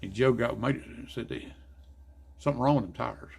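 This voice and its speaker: Gravelly older storyteller. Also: male voice, mid-range voice, a little fast. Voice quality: gravelly, husky. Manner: folksy, animated storyteller acting out dialogue. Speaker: guest, former racer and car builder. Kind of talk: casual storytelling interview.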